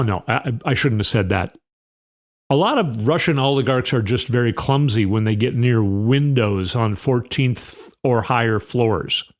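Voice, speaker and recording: A male podcast host talks through the news in a loose, rambling way. He is sarcastic and opinionated, with plenty of restarts. His voice sits in a middle register. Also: mid-range voice. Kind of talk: casual political commentary.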